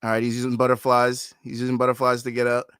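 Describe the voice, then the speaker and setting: A man hosting a live fight watch-along, giving fan commentary, who swears often and pleads and shouts at the fighters on screen. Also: mid-range voice, completely flat delivery, fast, clear, resonant tone, no echo, studio quality.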